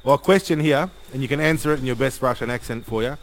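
A man's voice: mid-range voice, quick pace, a little hiss or hum, low-quality recording. A man hosting a casual interview and pushing his opinions emphatically. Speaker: host.

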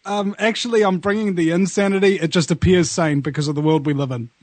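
A man's voice: sits high, steady tone, fast talker, noisy background. A man co-hosting a casual talk radio show, cracking playful jokes.

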